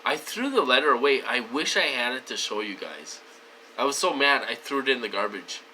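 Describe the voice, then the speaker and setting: A man talking casually to his viewers in a rambling, repetitive way, swinging between loud emphatic stretches and low mutters. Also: lively intonation, a little fast, slight background noise, poor audio. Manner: rambling and repetitive, with many fillers. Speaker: vlogger.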